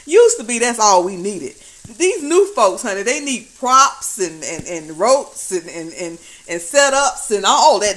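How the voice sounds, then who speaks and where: A woman's voice: medium pitch, a little hiss or hum, poor audio. A woman hosting a casual talk stream, commenting in a chatty, folksy way with frequent laughs and trailing fillers while she cooks in her kitchen. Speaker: host commenting on church videos. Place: home kitchen while cooking. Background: faint frying and sizzling.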